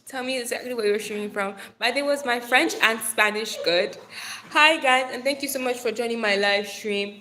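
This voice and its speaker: Livestreaming casually from her phone in Nigeria, a young woman playfully and bubbly chats with her viewers, calling them darling and occasionally cursing. She speaks in a fairly high, bright, forceful voice.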